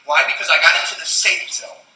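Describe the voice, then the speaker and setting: A man giving an energetic convention keynote, telling stories and calling on the audience to answer. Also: a little high, quick pace. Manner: energetic, storytelling, calls for audience responses. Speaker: motivational speaker. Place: large convention hall. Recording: echoey hall, distant mic, faint noise.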